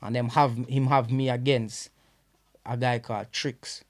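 A Jamaican-accented comedian chatting as a podcast guest, spinning animated stories in patois. His voice sits in a middle register and stays conversational. He restarts phrases often as he talks. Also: mid-range voice, unhurried. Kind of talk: casual podcast storytelling.

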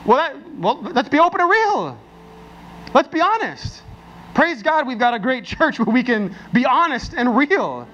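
A man preaching a sermon as pastor, talking in a casual, animated way full of restarts and stories. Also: very high-pitched, measured pace, dull audio, a little hiss or hum. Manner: conversational and animated, with frequent restarts and anecdotes.

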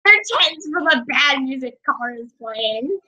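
A woman's voice: high-pitched, expressive, unhurried, bright, forceful tone, rough recording. A young woman giving casual, giggly commentary while playing a life-simulation game. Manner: giggly, chatty, often laughing. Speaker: gameplay vlogger.

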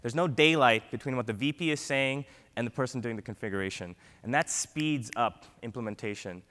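A man giving an energetic conference keynote, often ending points with a quick "right?". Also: medium pitch. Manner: energetic, frequent "right?" tags. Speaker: keynote speaker. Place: large conference hall. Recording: long hall reverb.

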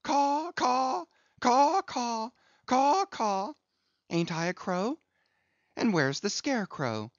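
A crazed young cabin boy rambles in high, singsong chants, his pitch leaping all over. A man puts him on while reading. The recording is dull and lo-fi, and the voice sits close and dry. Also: animated, slow pace, dry recording, heavily acted.

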